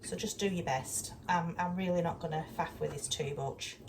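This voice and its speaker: A woman's voice: on the low side, normal speed. A woman chatting casually in her kitchen while she cooks, exasperated and down to earth. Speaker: vlogger. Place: cold home kitchen. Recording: distant mic, loud kitchen noise. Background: clattering dishes and pans.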